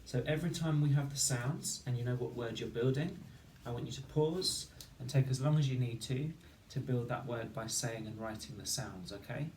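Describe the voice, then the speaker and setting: A male teacher giving a patient phonics lesson, slowly sounding out each word and syllable. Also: medium pitch, a little mellow. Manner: slow, patient, sounding out words. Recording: roomy, distant mic with faint noise.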